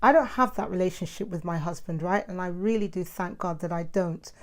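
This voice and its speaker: A woman's voice: fairly low pitch, brisk. A middle-aged woman, talking casually and animatedly in her own monologue, self-described as the mouthy one. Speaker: host.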